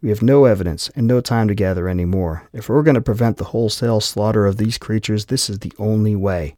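A man's voice: fairly low pitch, fast, warm tone, dry recording, clean studio sound, lightly acted. A man voicing a determined female captain who speaks firmly and persuasively. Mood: earnest. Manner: resolute, persuasive. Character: determined woman ship captain, firm and commanding.

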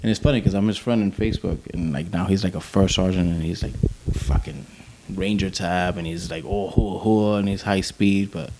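A man's voice: low-pitched, a little fast, few pauses, background noise. A man, an army veteran, telling a war story in casual, profane talk and acting out quotes. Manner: profane, animated, acts out quotes.

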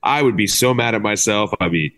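A middle-aged man as a podcast guest, talking excitably and laughing at himself as he rambles. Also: lowish voice, a little fast. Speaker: guest, former player. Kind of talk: casual interview talk.

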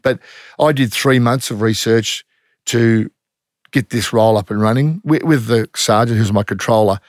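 A man's voice: on the low side, no echo, clean studio sound. A middle-aged man with an Australian accent, a former undercover police officer telling stories in a casual interview, blunt and matter-of-fact with plenty of slang.

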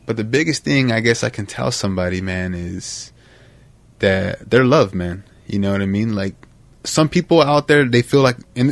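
A man hosting a podcast, talking in a casual, heartfelt and animated way, dropping "man" and "bro" constantly. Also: medium pitch, dry recording. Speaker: podcast host.

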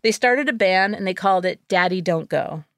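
A woman's voice: mid-range voice, normal speed, a bit bright, dry recording. Woman podcast host telling a story, jokey, lots of um and like, dry close sound. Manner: wry, jokey, with fillers like "um" and "like". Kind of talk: casual storytelling chat.

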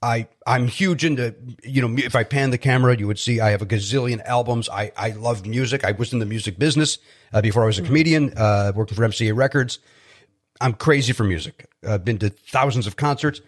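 This guest comedian from Chicago swaps stories casually, his delivery lively and self-mocking, full of false starts. He speaks fairly quickly at a medium pitch.

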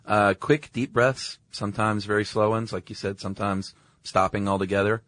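Low-voiced male podcast co-host, chatty and agreeable, dry studio sound. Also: fairly even intonation, moderate pace, fairly bright tone, no echo. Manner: chatty, frequent agreeing interjections. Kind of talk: casual conversational chat.

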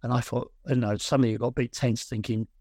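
A man's voice: medium pitch, fairly even intonation, fast talker, darkish tone, dry recording, clean studio sound. A man, a coaching client, telling anecdotes in a rambling way with many restarts. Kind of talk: casual chat on a call.

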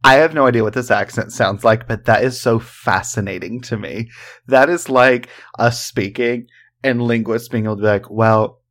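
A man's voice: medium pitch, normal speed, a bit bright. A man co-hosting a casual true-crime podcast, talking in a joking, rambling way full of fillers. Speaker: podcast co-host.

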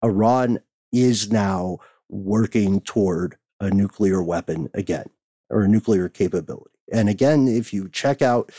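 A man's voice: lowish voice, warm tone, dry recording. A man hosting a podcast, reading listener letters aloud and chatting casually, often laughing.

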